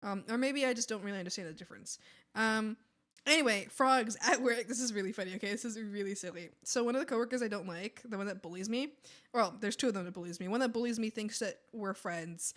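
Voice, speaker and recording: A woman's voice: medium pitch, quick pace, a bit bright. A woman streamer with a lisp, chatting casually and telling rambling stories with laughs while she draws. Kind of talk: casual chat while drawing.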